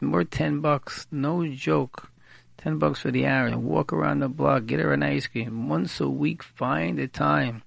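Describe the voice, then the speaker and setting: A man's voice: fairly high pitch, vocal fry, breathy edge, dry recording. A man giving informal marriage advice on the radio, repeating key words for emphasis and mixing in Hebrew and Yiddish terms.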